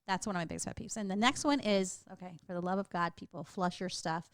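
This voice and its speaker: A middle-aged woman co-hosting a casual chat show, telling stories in a chatty, animated way and laughing often. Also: on the low side, fast, dry recording, studio quality. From Texas. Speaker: co-host.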